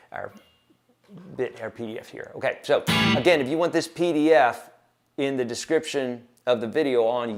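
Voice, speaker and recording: A man's voice: fairly low pitch, gravelly. A man teaching guitar on a livestream, talking casually and encouragingly and counting beats aloud.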